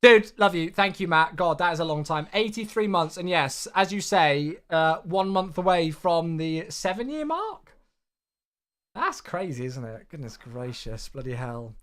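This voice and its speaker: Excitable man streaming, lively pitch. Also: unhurried. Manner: excitable, chatty, thanks viewers effusively. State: tired. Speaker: flight-sim streamer. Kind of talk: casual live-stream chat.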